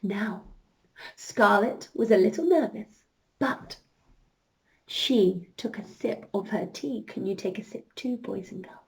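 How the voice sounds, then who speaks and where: A woman telling an interactive story to children, full of excited gasps and questions aimed straight at the young listeners. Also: mid-range voice, takes it slowly, vocal fry. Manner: animated, gasping, addresses children directly.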